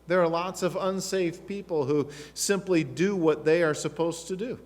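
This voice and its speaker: A man's voice: fairly high pitch, fairly even intonation, normal speed. A middle-aged man, preaching a sermon as pastor with emphatic rhetorical questions and asides. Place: church sanctuary. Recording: long church reverb.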